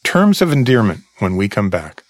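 A man's voice: fairly low pitch, big pitch swings, normal speed, no room sound. Enthusiastic man co-hosting a film chat. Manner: enthusiastic, lists films and actors. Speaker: co-host. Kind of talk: casual chat about film.

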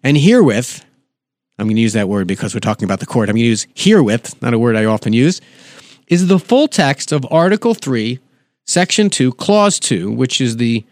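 A man's voice: mid-range voice, animated, a little fast, a little mellow, no room sound, studio quality. A man hosting a political podcast, delivering sardonic commentary and reading quotes aloud with asides. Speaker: podcast host.

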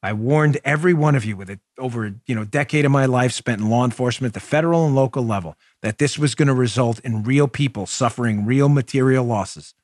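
A man's voice: medium pitch, brisk, hardly any pauses, a little mellow, no echo, studio quality. A man hosting a political talk show, delivering an impassioned, emphatic monologue with lots of repetition.

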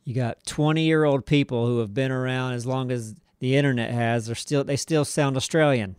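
A man's voice: mid-range voice, steady tone, normal speed, a little mellow, smooth, no room sound, clean studio sound. A man co-hosting a casual comedy podcast, curious and full of questions. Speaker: podcast co-host.

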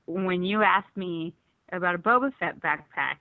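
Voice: mid-range voice, normal speed, no echo. A co-host chiming in with brief, friendly replies. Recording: tinny phone-like line, dry.

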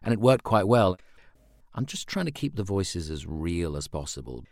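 A man with a very deep, low-pitched voice talks through his narration work in a relaxed interview. He is chatty and self-deprecating, restarting his sentences as he goes. The sound is dry and close, with no room around it. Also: normal speed, creaky, no echo. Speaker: audiobook narrator and voice actor. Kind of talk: conversational interview answers. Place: lives in Australia.

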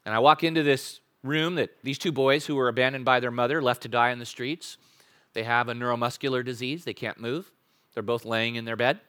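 A man preaching a sermon, animated, swinging between loud declarations and quiet storytelling. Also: mid-range voice. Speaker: pastor.

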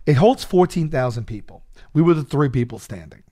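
A man with a New York accent tells a story in casual chat. His pitch swings widely as he acts out what other people said, and his voice sits a bit high for a man. He leans on fillers like "like" and "you know.". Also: brisk. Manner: animated, acts out voices in quotes, filler-heavy.

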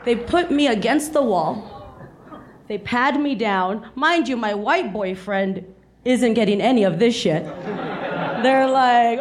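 A woman in her thirties from South Texas performing a stand-up set, telling a story with animated delivery and acting out the people in it. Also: a little high, unhurried, a crowd in the background, noisy background. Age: 30s. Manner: animated storytelling, acts out voices, laughs along. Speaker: stand-up comedian.

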